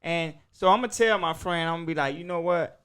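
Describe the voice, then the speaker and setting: Blunt, high-voiced male podcast host. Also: brisk, fairly bright tone, smooth. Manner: blunt, profane, emphatic. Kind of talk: casual chat.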